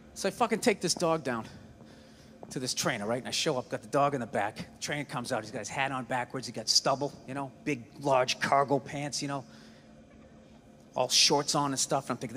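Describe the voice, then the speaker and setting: A man doing a stand-up set, telling an animated story and acting out the voices. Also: mid-range voice, brisk, big-room sound. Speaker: stand-up comedian.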